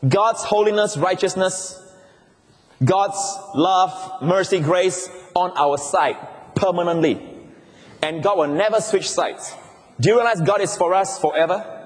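A man preaching with a somewhat high voice, drawing out key words and urging the congregation to repeat them. His voice rings with long reverb through a large church hall. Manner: emphatic call-and-response preaching. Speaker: pastor. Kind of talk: sermon.

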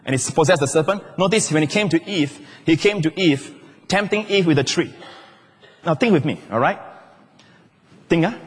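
Male pastor, husky voice, sermon delivery with teasing audience asides. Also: a little high, animated, moderate pace, pauses often. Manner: playful, teasing asides to the congregation. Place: large church hall. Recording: long hall reverb.

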